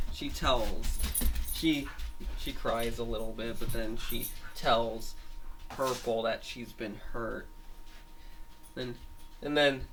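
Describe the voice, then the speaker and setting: A man's voice: medium pitch, noisy background. A man retelling a made-up story in a rambling, hesitant way, with many restarts.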